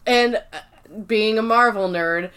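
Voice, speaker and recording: A woman's voice: a little high, a little slow, a bit bright, smooth. A woman co-hosting a podcast, recapping TV episodes in casual chat. She swears freely, fills her talk with "like" and acts out the characters' lines in put-on voices. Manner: chatty, swears freely, many fillers like "like". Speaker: podcast co-host.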